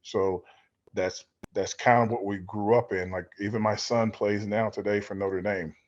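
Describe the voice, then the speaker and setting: A middle-aged man and former football player, telling stories as a guest in a relaxed interview, rambling and acting out the voices of people he quotes. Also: lowish voice, normal speed, dull audio. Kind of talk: storytelling in a casual interview. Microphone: video call.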